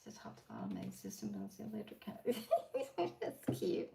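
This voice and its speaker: Gravelly Appalachian woman chatting at a distance. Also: medium pitch, dark tone, slight background noise. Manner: chatty, laughing asides, talks to viewers while doing nails. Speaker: nail art livestream host. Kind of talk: casual chat while working. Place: home desk.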